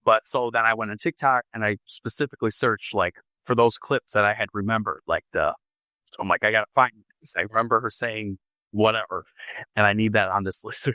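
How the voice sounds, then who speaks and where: A man who smokes, talking casually as a guest on a podcast, rambling and relaxed with lots of fillers. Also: on the low side, fairly quick, no echo. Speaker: podcast guest, oddities artist. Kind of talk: casual interview chat.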